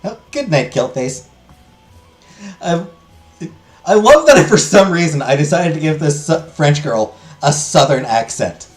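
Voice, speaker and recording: A man's voice: a little high, expressive, a little slow, pauses often, soft background music. A man hosting a game playthrough, chatting and joking about his own character voices. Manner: chatty, self-mocking, laughs at own voices. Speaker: let's play host. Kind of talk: game playthrough commentary and reading aloud.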